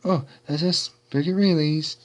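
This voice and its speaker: A man's voice: a little high, steady tone, a little slow, pitched above the performer's own voice, lightly acted, rough recording. A man voicing a prim, dramatic female pony with showy, refined manners. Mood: clipped.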